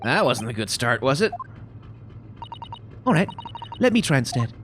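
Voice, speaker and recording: A man's voice: mid-range voice, sing-song, normal speed, a bit bright, a little hiss or hum. A man hosting a gaming channel, giving rambling, casual let's-play commentary with hesitations.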